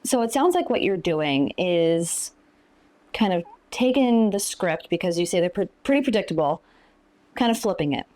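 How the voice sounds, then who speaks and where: A woman interviewer asking calm, thoughtful follow-up questions. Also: lowish voice, moderate pace.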